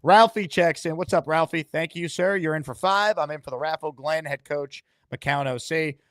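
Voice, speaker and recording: A man's voice: a little high, normal speed, no room sound, studio quality. Upbeat man hosting a call-in stream. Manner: upbeat, hypes callers and superchats. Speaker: host. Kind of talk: live-stream call-in show.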